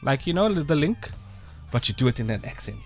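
Teasing co-host, lively pitch. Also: male voice, brisk, faint music behind. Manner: teasing, game-leading. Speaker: radio co-host. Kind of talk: playful studio banter.

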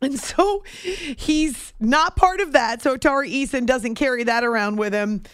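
A woman's voice: high-pitched, unhurried, clear, resonant tone, no echo, studio quality. A woman hosting a sports talk segment, chatty and wry, commenting on basketball news. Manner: chatty, wry, laughs between points.

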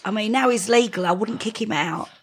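A woman's voice: on the high side, brisk, husky. A woman co-hosting a casual chat, cutting in with teasing, cheeky remarks. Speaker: podcast co-host.

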